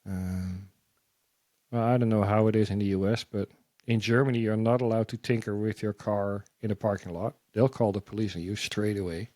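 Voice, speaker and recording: A man sharing a personal testimony as a guest, halting and repeating words as he tells his story. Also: on the low side, fairly even intonation, dark tone, no room sound.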